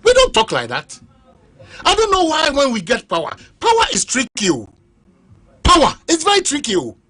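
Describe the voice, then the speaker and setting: A man's voice: extremely high pitch, huge pitch swings, moderate pace, bright, forceful tone. A Ghanaian man hosting a heated radio debate, impassioned, repeating words and cutting in on his guest. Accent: Ghanaian English. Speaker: radio talk show host. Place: radio studio.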